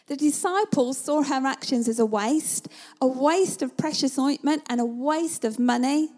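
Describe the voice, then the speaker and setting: A woman preaching a sermon in a conversational, storytelling manner, at times dropping to a hush. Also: high-pitched, a little slow. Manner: conversational, vivid storytelling, sometimes drops to a hush.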